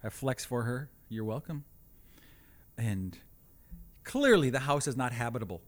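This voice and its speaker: A man telling a comic personal story, animated with deadpan asides. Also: medium pitch, normal speed.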